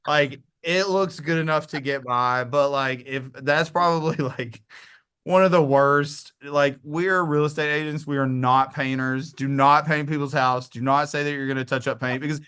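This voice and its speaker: Young man telling a lively story. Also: a little high, normal speed, clear, resonant tone. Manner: animated storyteller, acts out quoted dialogue, laughs often. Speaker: real estate agent and coach, podcast guest. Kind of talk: casual storytelling in an interview.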